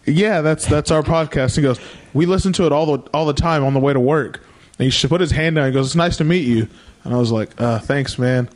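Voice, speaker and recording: A man's voice: fairly high pitch, a little fast, a little mellow. A young man co-hosting a podcast, telling a rambling story in casual chat and acting out what others said. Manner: rambling anecdotes with quoted voices. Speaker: podcast co-host.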